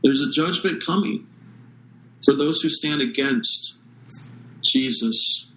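A man preaching a sermon as pastor, earnest and measured, stressing key words with pauses. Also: medium pitch, fairly bright tone, low-quality recording.

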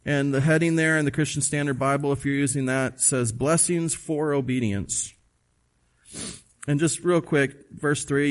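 Male pastor, slightly higher voice, emphatic conversational preaching, checks in with the listeners. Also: steady tone, moderate pace. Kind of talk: sermon.

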